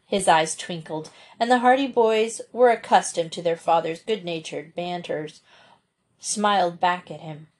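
A woman reading a children's book aloud in steady storybook narration. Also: lowish voice, a little slow.

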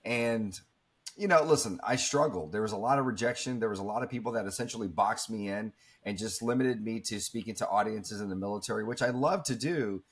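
Husky, earnest man telling his story. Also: on the low side, a little fast. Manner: earnest and reflective, with many fillers and restarts. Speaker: guest speaker. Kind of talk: candid storytelling interview.

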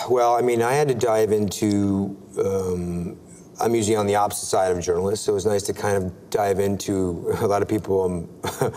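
A man's voice: fairly low pitch, a little hiss or hum. A man in his forties, an actor telling stories as an interview guest, acting out dialogue with lots of fillers and restarts. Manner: animated, acts out dialogue with many "I'm like" quotes; filler-heavy, restarts often. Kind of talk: casual storytelling in an interview. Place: TV studio, seated at a table.

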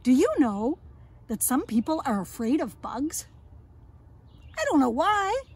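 A woman leading an outdoor lesson for young children, talking gently in a sing-song way, as if to friends. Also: high-pitched, big pitch swings, a little slow. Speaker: early years educator. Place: outdoors in a yard and woods.

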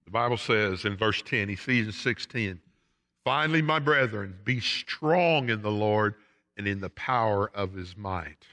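Emphatic Southern pastor in a reverberant church. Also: male voice, on the low side, lively intonation, measured pace, pushed and bright. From United States. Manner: emphatic preaching with rising and falling intensity. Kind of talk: sermon. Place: church sanctuary. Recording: long church hall reverb.

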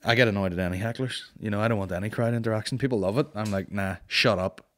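A Northern Irish man hosting a comedy podcast, reading listener questions and telling stories in a blunt, sweary, animated way. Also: lowish voice, very fast. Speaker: podcast host and stand-up comedian.

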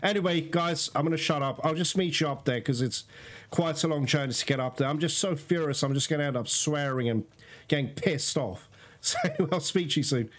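A man's voice: on the high side, brisk. A man commenting live on his own gameplay, frustrated and swearing, talking straight to his viewers. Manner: frustrated, swearing, exclaiming at the game. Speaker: gaming channel host. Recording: loud game music behind voice. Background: game music.

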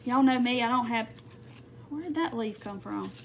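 Southern woman, slightly high voice, easygoing crafter talking viewers through a project, faint room hum behind. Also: normal speed. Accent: Southern American. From not from North Mississippi. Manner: chatty, reads out viewer comments. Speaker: crafter hosting a live stream. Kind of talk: casual craft tutorial chat. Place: home craft table.

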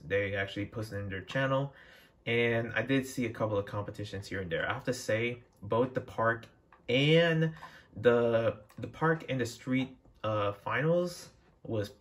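A young man chatting casually to his viewers as a vlogger, rambling with frequent restarts and fillers. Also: on the low side. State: dry throat, out of breath. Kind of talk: casual chat to camera.

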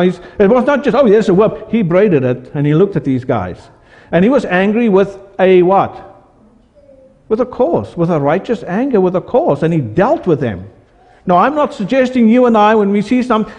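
A high-voiced pastor preaches in a long-echoing church hall. His is Afrikaans, and he often stumbles, repeats himself and acts out the voices he quotes. The recording has a dull, muffled tone. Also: a little mellow. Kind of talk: sermon.

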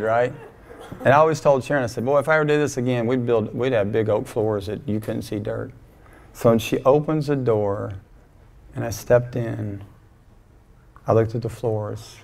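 Gravelly-voiced man preaching a sermon. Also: mid-range voice, darkish tone. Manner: folksy, conversational storytelling with quoted dialogue. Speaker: pastor. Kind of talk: sermon with storytelling. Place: church sanctuary.

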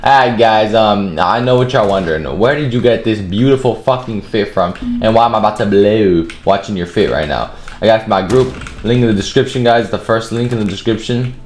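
A man's voice: fairly low pitch, fairly quick, reverberant, a little hiss or hum. A man giving profane, taunting commentary over his own gameplay. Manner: profane, taunting trash talk. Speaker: gaming video host.

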